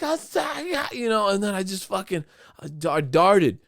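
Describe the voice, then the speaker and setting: A man's voice: big pitch swings, moderate pace, gravelly, fairly bright tone, no echo, clean studio sound. Rambling, profane man telling stories. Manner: rambling, profane, acts out quotes in high voices. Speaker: podcast host. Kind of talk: casual storytelling chat.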